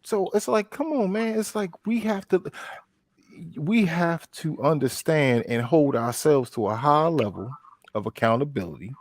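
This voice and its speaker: A man, hosting a casual podcast chat and telling a lively story, acting out the quotes. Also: moderate pace, dry recording, studio quality. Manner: animated storytelling, acts out quotes with big pitch jumps. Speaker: podcast host.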